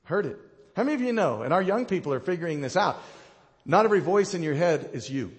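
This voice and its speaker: Gravelly-voiced man preaching in a reverberant hall. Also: high voice, expressive, fast. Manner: passionate preaching, swings from loud to hushed. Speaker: pastor. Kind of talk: sermon. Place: church sanctuary.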